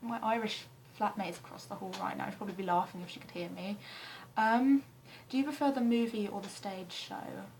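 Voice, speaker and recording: A young woman from England chatting casually to camera in her flat, rambling and self-deprecating with frequent ums and the odd swear word. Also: medium pitch, a little fast, slight background noise, low-quality recording. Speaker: vlogger answering a tag questionnaire. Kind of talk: casual chat. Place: flat, indoors.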